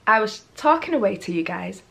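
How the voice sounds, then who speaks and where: Speaking a fairly quick, sing-song medium pitch with vocal fry, this woman vlogs about her lifestyle from indoors at home. She chats into the handheld camera mic, wandering off-topic and making jokes at her own expense.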